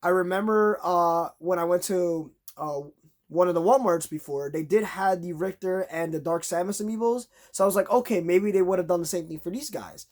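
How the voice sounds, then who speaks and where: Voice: mid-range voice, moderate pace, a little mellow. A vlogger telling a long, exasperated story in a casual rant, acting out conversations in a raised voice.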